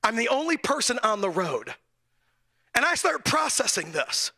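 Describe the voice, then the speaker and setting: A man preaching in a church, telling a story with lively delivery, chuckling often and restarting his phrases. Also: very high voice, moderate pace. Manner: animated storytelling, frequent chuckles and self-corrections. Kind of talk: storytelling sermon.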